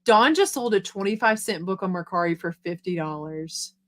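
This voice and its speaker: Fast-talking upbeat middle-aged woman. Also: fairly low pitch, lively intonation, a bit bright. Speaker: live-stream host. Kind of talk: casual live-stream chat, reading viewer comments.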